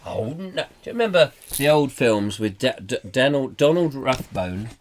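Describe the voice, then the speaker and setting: A man's voice: mid-range voice, expressive, moderate pace, a little hiss or hum. Playful rambling male host. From England. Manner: rambling, playful, slips into silly voices. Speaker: comic show host. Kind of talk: live chat show banter.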